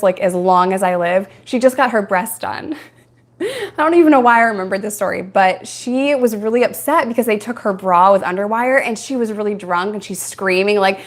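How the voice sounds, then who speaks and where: Woman, from New York, young adult, frank, chatty, live-stream Q&A host, middle pitch. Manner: frank, chatty storytelling with frequent laughs. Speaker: live-stream host answering viewer questions.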